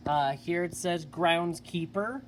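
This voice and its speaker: Guy doing a slow laid-back review of a collectible, lots of ums and uhs, faint hiss behind. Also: on the high side. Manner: unhurried, hesitant, with many filler words. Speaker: collector reviewing a Halloween animatronic. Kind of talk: casual product review.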